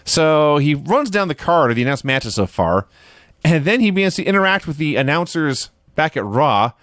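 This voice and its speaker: A man's voice: a little high, big pitch swings, normal speed, fairly bright tone, no room sound. A man co-hosting a podcast, recapping matches in a dry, wry storytelling way and laughing now and then. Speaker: podcast co-host. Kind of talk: casual chat recapping shows.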